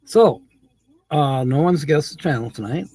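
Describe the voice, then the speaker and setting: A man's voice: a little high, expressive, a little slow, dark tone, breathy edge, dry recording. A man hosting a live stream, chatting casually with viewers, laughing often and reading comments aloud.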